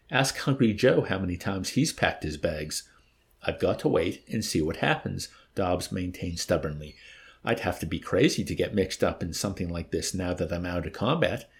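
A man's voice: sits low, expressive, moderate pace, gravelly. A man reading a novel aloud and acting out its dialogue, then chatting about the chapter. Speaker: book club reader.

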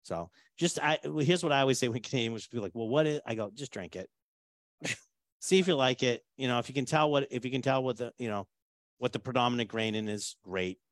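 A man hosting a whiskey tasting, chatting casually and joking, often trailing off into quieter asides. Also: medium pitch, fast, no echo.

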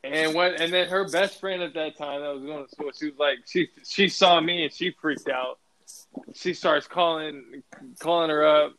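A man's voice: on the high side, fairly even intonation, moderate pace, a bit bright, poor audio. A young man casually telling a profane, laughing story on a podcast with friends. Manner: laid-back, profane, laughs while telling.

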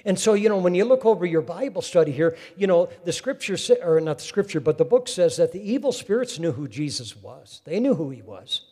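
A man preaching a sermon, fervently calling out to the congregation and swinging from quiet storytelling to loud exhortation. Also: high-pitched, sing-song, brisk, few pauses, in a large hall.

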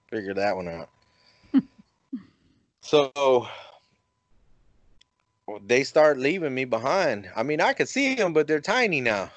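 A man hosting a podcast, telling a story in a casual, animated way. He laughs at his own jokes and his voice jumps up high when he quotes himself. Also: no echo. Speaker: podcast host.

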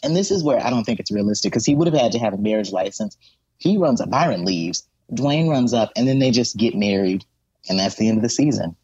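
Husky-voiced man recapping a show animatedly. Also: fairly low pitch, a little fast, no room sound, dull audio. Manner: animated storyteller who acts out characters' voices. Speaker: podcast co-host. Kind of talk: casual chat, animated recap.

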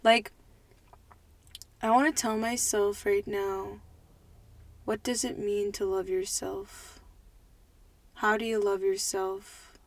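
A woman's voice: mid-range voice, little pitch movement, slow pace, pauses often. Twenties woman, casual podcast co-host, thinks aloud, plenty of "like". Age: 20s. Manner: chatty, lots of "like", thinks out loud.

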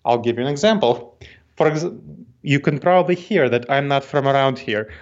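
A man's voice: medium pitch, moderate pace. Guy in his 40s, moldovan-ish accent w a bit of new york, lays stuff out step by step, kinda dull audio. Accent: Eastern European, with a New York tinge. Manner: methodical, explanatory, repeats key points. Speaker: guest expert. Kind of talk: interview explanation.

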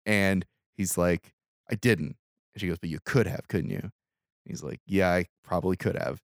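A man's voice: low-pitched, moderate pace, dry recording. Dry-voiced man recapping a movie. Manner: animated retelling, acting out quotes, swearing. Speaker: podcast host. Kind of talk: casual movie recap chat.

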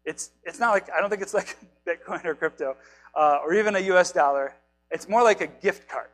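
Male pastor, 30s-40s, high voice, casual self-deprecating sermon delivery, faint music bed. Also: a little fast, a bit bright, low-quality recording. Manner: chatty, self-deprecating, asks the listeners questions.

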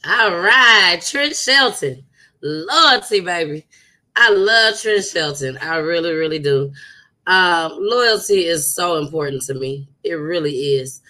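A young woman talks casually to her podcast listeners, heartfelt and chatty, circling back over her words for emphasis. Her voice is bright and forward, and she takes her time, drawing out phrases at an unhurried pace. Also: on the low side, expressive. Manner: chatty, repetitive, heartfelt, uses dialect. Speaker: podcast host. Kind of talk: casual chat.

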